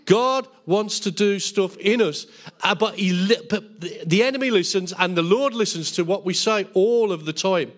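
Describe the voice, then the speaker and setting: A middle-aged pastor teaching a bible school sermon, acting out quotes in a raised, lively voice. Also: male voice, high voice, moderate pace. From England. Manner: animated, acts out quotes in a raised voice.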